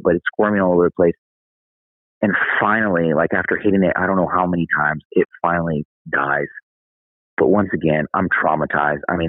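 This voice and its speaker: Low husky man on a phone line. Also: no echo. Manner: candid, conversational, says "dude". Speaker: podcast guest. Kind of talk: casual storytelling.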